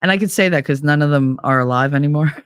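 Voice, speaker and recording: A woman's voice: sits low, quick pace, clean tone, no echo, studio quality. Blunt, profane woman. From Hoboken, New Jersey. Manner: blunt, profane, animated storyteller. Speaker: podcast host. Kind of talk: casual storytelling.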